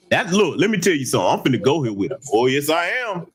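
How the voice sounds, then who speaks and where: A man hosting a heated commentary broadcast, talking in an emphatic, taunting, loud way. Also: fairly high pitch, very animated, quick pace, hardly any pauses, husky. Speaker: host.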